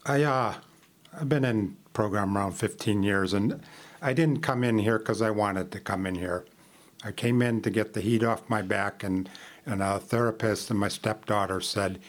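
Older man, halting low-voiced testimony. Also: fairly even intonation. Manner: halting, with frequent restarts and small laughs. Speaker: member sharing at a recovery meeting. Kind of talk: personal testimony.

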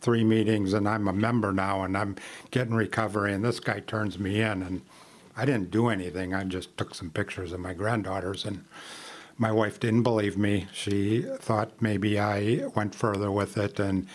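An older man giving a personal testimony at a recovery meeting, halting with frequent restarts and small laughs. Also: on the low side, steady tone. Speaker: member sharing at a recovery meeting.

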